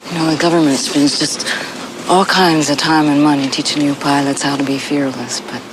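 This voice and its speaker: An actress playing the weary, wry wife of a test pilot, speaking low-key in a film scene. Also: female voice, fairly even intonation, normal speed, natural voice. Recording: film clip with ambient noise.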